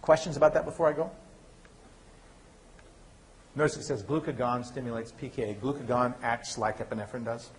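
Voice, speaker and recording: A man giving a university lecture, lively and asking the class questions he then answers himself. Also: medium pitch, brisk, pauses often, a little hiss or hum. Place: lecture hall.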